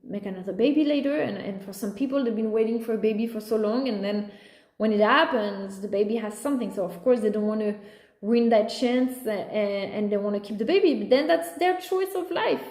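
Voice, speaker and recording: A woman's voice: a little high, brisk, darkish tone. A woman talking casually about her life as a mother, rambling with restarts and acting out the voices of others. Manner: talkative, rambling with restarts, acts out her son's voice. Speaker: mother sharing personal views. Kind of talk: casual spoken monologue. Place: at home with a small dog. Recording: echoey room.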